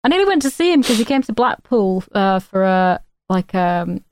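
A woman's voice: mid-range voice, big pitch swings, normal speed, darkish tone, a little hiss or hum. A tired woman co-hosting a podcast in casual chat, laid-back and a bit sweary. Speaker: podcast co-host.

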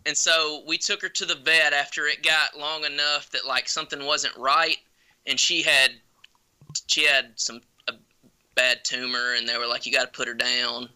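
A man's voice: fairly high pitch, steady tone, moderate pace, sharp tone, clean tone. A man co-hosting a casual chat, easygoing and agreeable, and sometimes trailing off mid-sentence.

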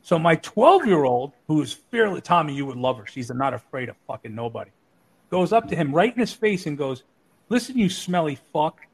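Man, middle-aged, profane storyteller, higher voice, animated. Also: fairly quick, breathy edge, rough recording. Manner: animated, acts out voices in his stories.

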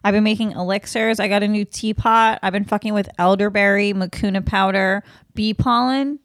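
A woman's voice: medium pitch, steady tone, normal speed, no room sound, studio quality. A woman co-hosting a podcast, joking and rambling in casual comedic chat. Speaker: podcast co-host.

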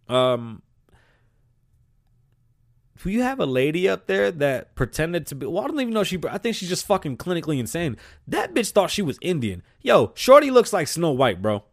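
A man with a mid-range, lively voice at normal speed rants alone on his podcast, cursing heavily and alternating between Spanish and English.

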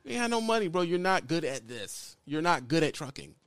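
A man's voice: fairly high pitch, sing-song, brisk, clear, resonant tone, no echo, soft background music. A man ranting at another YouTuber in a blunt, mocking call-out, repeating his insults over and over. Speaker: YouTuber calling out another trucker. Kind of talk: heated call-out rant.

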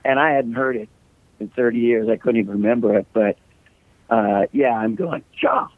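A middle-aged US rock singer is a guest in a casual interview chat, telling rambling, joking stories. His medium-pitched, slightly scratchy voice holds fairly even intonation at a moderate pace, and the call line is dry and tinny with no room sound.

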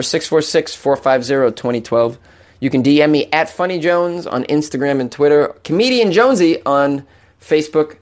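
A man hosting a comedy podcast, rambling excitedly and pitching his listeners in a casual comedic rant. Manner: rambling, excitable, animated shifts. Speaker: podcast host.

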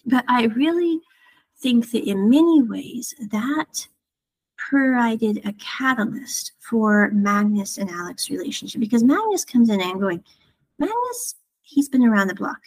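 A woman's voice: fairly high pitch, animated, measured pace, low-quality recording. A woman giving a casual spoken review of a TV series, rambling and digressive as she animatedly retells scenes.

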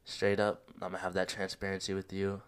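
A man's voice: low-pitched, completely flat delivery, a little fast, smooth. A young man hosting a solo podcast, rambling in casual slang, laughing at himself and a bit out of breath. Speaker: podcast host.

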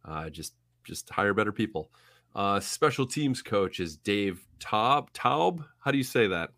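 Man, young adult, low voice, dry close sound, wry, casual sports chat. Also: expressive, a little slow, a bit bright, dry recording. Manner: wry, mocking, slips into silly put-on voices. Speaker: podcast co-host.

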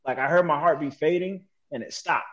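A man telling a story as a guest in an interview, animated and slangy, mimicking sounds as he relives events. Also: on the high side, a little fast, dull audio. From United States. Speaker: guest, military veteran.

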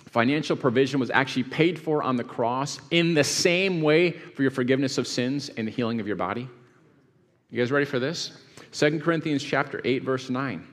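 A man, a pastor, preaching a sermon to a live congregation, reading scripture aloud and quizzing the audience with questions. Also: mid-range voice. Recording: long hall reverb.

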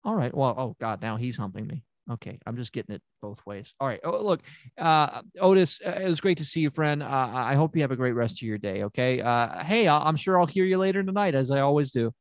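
A man hosting an improvised comedy podcast as a therapist, rambling and stammering with deadpan asides. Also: mid-range voice, brisk, dry recording, studio quality. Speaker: podcast host playing a therapist.

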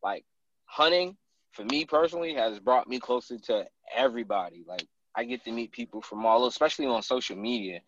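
Animated storytelling man, slightly muffled. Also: medium pitch, a little fast, slight background noise. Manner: animated storyteller who acts out others' lines. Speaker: podcast guest, hunter. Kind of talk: casual storytelling chat.

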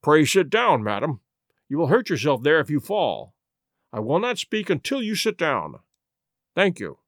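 A man's voice: fairly high pitch, wildly swooping pitch, a bit bright, dry recording, clean studio sound, heavily acted. A man reading a commanding Victorian detective. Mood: firm. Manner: firm, measured, brisk when urgent. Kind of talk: audiobook reading.

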